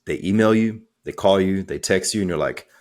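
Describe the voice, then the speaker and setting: A man speaking as a coach in a podcast interview, energetic and conversational, acting out little quotes as he talks. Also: deep voice, fairly quick. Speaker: guest, transformational coach.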